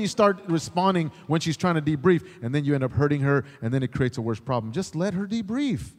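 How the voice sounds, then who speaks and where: A middle-aged man, a chaplain, teaching in a sermon style, animated, acting out the voices he quotes. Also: a little high, fast, few pauses, in a large hall. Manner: animated, acts out quoted voices, repeats words when starting. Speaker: chaplain and pastor.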